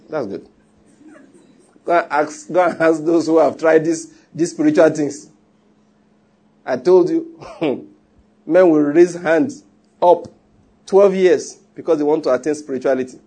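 This pastor's sermon moves at a measured pace with long pauses, his husky, slightly raised voice on the high side while keeping a dark, mellow tone. He hammers his points home emphatically, teasing his audience and repeating himself.

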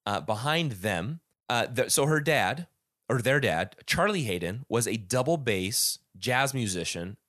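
A man's voice: medium pitch, fairly bright tone, dry recording, studio quality. A man hosting a casual podcast about a music album, rambling with many restarts and fillers. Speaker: podcast host.

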